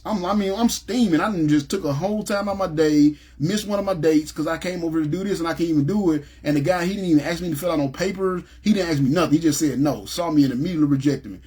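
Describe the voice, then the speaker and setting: A man recounts his own life story in a quick, rapid-fire delivery. His voice sits a little high for a man and has a husky edge. He speaks casually, often checks in with the listener, and acts out what people said. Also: darkish tone. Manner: conversational, acts out quoted speech, frequent "you know what I'm saying". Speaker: man giving a personal testimony. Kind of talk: personal storytelling.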